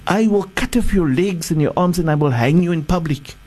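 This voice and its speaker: A man's voice: a little high, fairly quick, darkish tone, lightly acted. A man voicing an angry, arrogant pharaoh who makes indignant threats while retelling a sacred story in a sermon. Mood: angry threatening.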